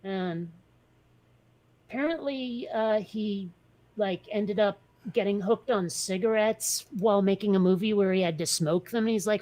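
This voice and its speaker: A woman's voice: medium pitch, a little slow, a little mellow. A woman co-hosting a podcast in casual chat, blunt and wry, rambling through her thoughts. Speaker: podcast co-host.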